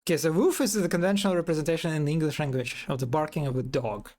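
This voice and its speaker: A man's voice: fairly high pitch, rapid-fire, darkish tone. A man streaming live in casual commentary, amused, often restarting his sentences and imitating animal sounds.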